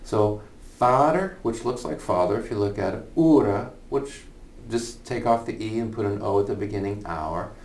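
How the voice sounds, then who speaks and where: Man lecturing casually, slightly low voice, hesitant fillers, echoey room, mic a bit far off. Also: moderate pace, a little mellow. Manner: thinking aloud, with hesitant fillers and repeated phrases. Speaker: college humanities teacher. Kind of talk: informal online lecture.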